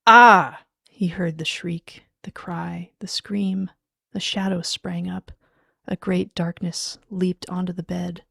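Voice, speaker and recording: A woman reading a horror story in a hushed, half-whispered voice. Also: fairly low pitch, creaky, slightly rough, no room sound, clean studio sound. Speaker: audiobook reader. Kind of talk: scripted horror narration.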